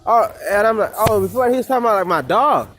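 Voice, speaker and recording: A man's voice: sits high, animated, quick pace, a bit bright, a little hiss or hum. A man venting in a casual vlog, rambling and swearing, with many fillers and restarts. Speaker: vlogger.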